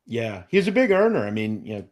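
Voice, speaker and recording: Man with lively, swinging intonation. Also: mid-range voice, a little fast. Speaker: guest. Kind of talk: casual video chat.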